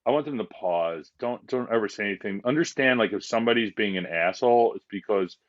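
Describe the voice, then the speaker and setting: A man's voice: lowish voice, brisk, lo-fi sound. A man talking as a guest on a podcast, speaking candidly and rambling with frequent fillers and restarts. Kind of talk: casual conversation.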